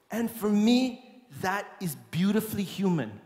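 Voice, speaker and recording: A man giving a lively, playful keynote talk to a live audience as a conference speaker and musician. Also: on the high side, moderate pace. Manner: lively and playful, breaking into song and acting out quotes. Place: large conference hall, on stage. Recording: echoey hall with long reverb and faint music.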